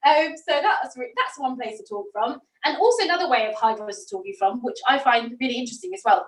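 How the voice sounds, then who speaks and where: A woman's voice: high voice, lively intonation, brisk, hardly any pauses, distant mic. Upbeat British woman leading a voice workshop. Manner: encouraging, playful, demonstrates voices. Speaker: drama workshop leader. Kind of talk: vocal warm-up lesson. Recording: roomy sound, a bit off-mic.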